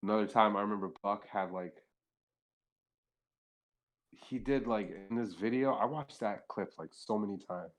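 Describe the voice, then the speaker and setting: A young man appears as a podcast guest, telling rambling, casual stories, swearing freely and saying "like" constantly. His voice is fairly low, at normal speed, with frequent pauses.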